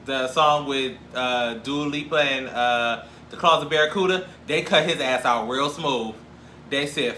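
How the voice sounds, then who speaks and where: A man with a mid-range voice hosts a casual gossip show at a measured pace, joking, swearing and acting out quoted lines in an animated way. The recording has a little hiss or hum and sounds like an echoey room with faint ambience.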